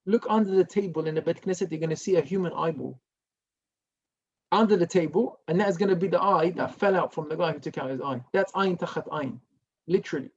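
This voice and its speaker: Animated rabbi telling a story, lo-fi. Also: male voice, fairly high pitch. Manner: animated storyteller who drops to a hushed tone for dramatic parts. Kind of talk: storytelling Torah lesson.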